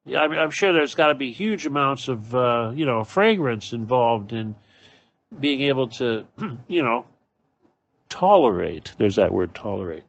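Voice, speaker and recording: A man's voice: mid-range voice, animated, unhurried, a bit bright, lo-fi sound. A man hosting his own show, delivering a blunt, profane and sarcastic solo political rant. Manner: sarcastic, mocking. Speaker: show host.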